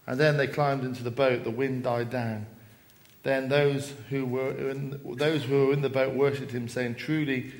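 A man's voice: medium pitch, flat delivery, moderate pace. A man giving an evening sermon at a church service, retelling a story with dramatic rises and falls and quoted lines. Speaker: preacher.

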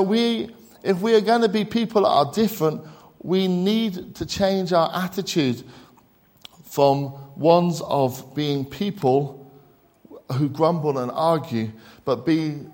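A man preaching a sermon in an earnest, searching way. His voice sits high for a man, and he keeps turning to the congregation with questions. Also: darkish tone. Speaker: pastor.

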